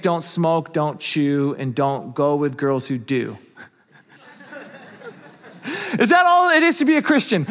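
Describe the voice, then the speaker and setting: A male pastor with a notably high-pitched voice delivers a sermon. He talks in an earnest, conversational way and keeps throwing rhetorical questions at his listeners. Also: fairly bright tone.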